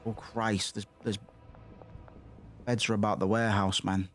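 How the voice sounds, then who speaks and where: A man's voice: fairly low pitch, level tone, unhurried, pauses often, fairly bright tone, faint music behind. A young man swearing and rambling through casual commentary while playing a game. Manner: sweary, rambling, muttering asides. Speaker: gaming streamer.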